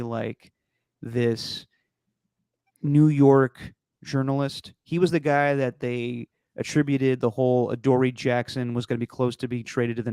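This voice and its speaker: A male podcast host who talks sports in a frank, opinionated way and swears casually. His voice is gravelly yet smooth and clear, at a middle pitch, and the close mic sounds dry and free of room echo. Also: a little mellow.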